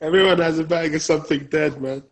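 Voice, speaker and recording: A man guest in a casual podcast chat, talking haltingly and stammering. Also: a little high, fairly even intonation, creaky.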